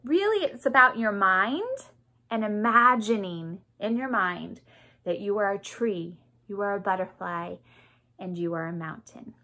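A woman music therapist leading a remote session for children, gently encouraging them through poses and songs. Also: mid-range voice, animated, a little slow. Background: guitar music.

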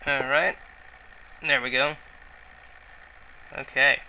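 A man's voice: mid-range voice, fairly even intonation, slow pace, gravelly, sharp tone, highs cut off, slight background noise. A man giving rambling, self-mocking commentary while he plays a video game, often mumbling to himself. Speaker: gaming YouTuber. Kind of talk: casual Let's Play commentary.

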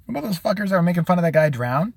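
Lively, foul-mouthed ranting man. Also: sits high, very fast, gravelly, dry recording. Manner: crude, sarcastic, mocking impressions. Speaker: show host. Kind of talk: profane comedic rant.

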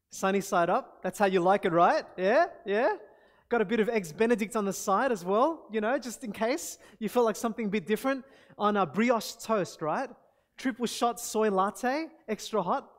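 A man playing a smug young boy who flatters his parents with coaxing questions, as part of a sermon illustration. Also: sits high, natural voice. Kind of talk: sermon illustration role-play.

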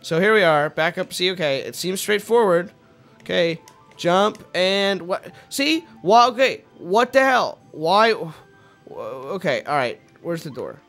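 A high-pitched man narrates his own gameplay in a loose, chatty way. He drops into quiet mumbling, then bursts into frustrated yelling and swearing. Faint music plays underneath. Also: animated, a little slow. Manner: swings from mumbling to frustrated shouting, swears freely. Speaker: let's play host. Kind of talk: casual gameplay commentary.

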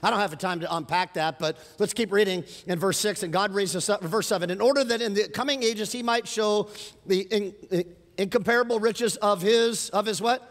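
Animated pastor in a reverberant hall. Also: male voice, sits high, a little fast. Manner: animated storytelling, rising to emphatic. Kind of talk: sermon.

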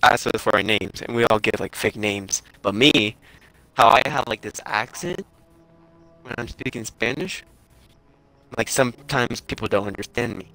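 A man's voice: on the low side, moderate pace, bright, forceful tone, soft background music, rough recording. A young man casually telling a long story on a live stream, rambling along with lots of filler "like"s. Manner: rambling, with many filler likes and chuckles.

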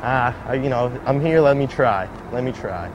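A man's voice: medium pitch, lively intonation, normal speed, dull audio, background noise. A man in a casual interview, telling his own story in a rambling way, full of fillers and acted-out quotes. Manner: rambling, filler-heavy, acts out quoted voices. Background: background music.

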